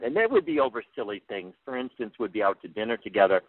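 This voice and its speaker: A man's voice: on the low side, big pitch swings, fast. Give me an earnest older man coaching skaters, heard over a thin phone line. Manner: earnest and plainspoken, repeats words as he thinks. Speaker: figure skating coach. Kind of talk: interview answers. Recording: tinny phone-line sound, dry.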